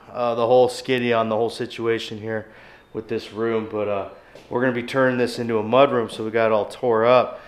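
Filmed in a farmyard and then inside a torn-up house, this casual vlog features a small family farmer from Nebraska talking in an easygoing, down-home manner. His mid-range voice comes through clear and resonant.

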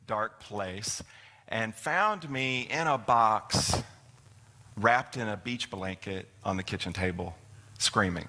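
A man's voice: fairly low pitch, slow pace, sharp tone. A middle-aged man giving a folksy, storytelling sermon as a minister in a church. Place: church sanctuary. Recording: long hall reverb.

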